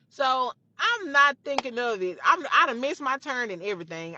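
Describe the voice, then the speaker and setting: A young woman recounts a story from her own life in a bright, forceful voice. She talks emphatically, swears freely and circles back over the same phrases. The recording is dry and a little dull. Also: fairly high pitch, expressive, moderate pace, few pauses, no echo. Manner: emphatic, profane, repeats phrases. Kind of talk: storytime retelling.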